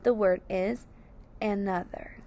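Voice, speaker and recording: A woman's voice: medium pitch, steady tone, slow pace, dark tone. A woman teaching a phonics lesson, sounding out each word syllable by syllable with careful, over-enunciated speech. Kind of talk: slow, deliberate phonics lesson.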